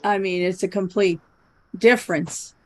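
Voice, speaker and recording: A woman's voice: lowish voice, fairly even intonation, a little slow, darkish tone. A woman hosting an interview, listening closely with frequent brief affirmations and asking short follow-up questions. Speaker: interview host.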